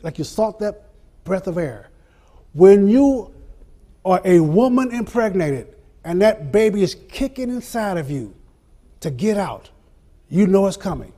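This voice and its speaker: An older man with a notably high voice delivers a live motivational speech to an audience. He stacks his phrases in rhythmic repetition and lets dramatic pauses land. He often laughs through his own stories. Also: dark tone. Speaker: motivational speaker. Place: event venue before an audience.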